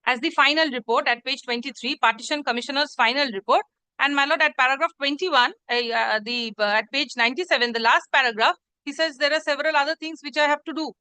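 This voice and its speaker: A woman's voice: high-pitched, a little fast, pushed and bright, dry recording, low-quality recording. A woman advocate, making a formal, deferential submission to a judge in a courtroom hearing and addressing him as "my lord" again and again. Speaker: advocate arguing before a judge. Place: courtroom hearing, live-streamed.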